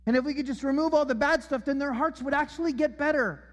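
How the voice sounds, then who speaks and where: A man's voice: very high-pitched, fast talker, in a large hall. A man preaching a sermon as pastor, emphatic and repeating his key phrases. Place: church auditorium.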